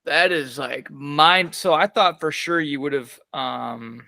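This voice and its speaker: A man's voice: fairly high pitch, takes it slowly, creaky, sharp tone, no echo. A man hosting a podcast, asking loose, conversational questions with casual fillers. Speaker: podcast host.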